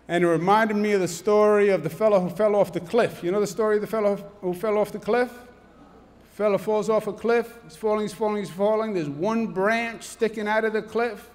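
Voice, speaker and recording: A middle-aged man with a rather high voice tells a lively, humorous story to a congregation. He speaks in a big church, his words ringing with long reverb. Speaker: politician giving a speech. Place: large church. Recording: long echo of a church hall.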